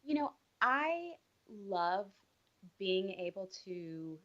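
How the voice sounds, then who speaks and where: A woman's voice: mid-range voice, sing-song, fairly bright tone. Earnest woman guest on dull lo-fi line. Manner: earnest and reflective, halting restarts. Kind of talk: casual interview chat.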